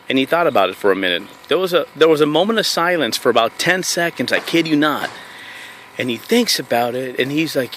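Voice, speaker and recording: A man with a bright, forceful voice gives a motivational talk to camera, full of energy as he tells stories from his network marketing work. He speaks from inside a car, with faint road noise behind him. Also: medium pitch, brisk. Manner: energetic storytelling, slips into quoting himself.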